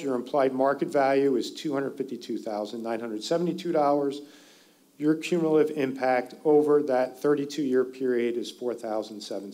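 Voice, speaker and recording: A man presenting school district finance figures at a public community forum, in a steady explanatory way that stresses key words. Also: medium pitch. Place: school meeting hall.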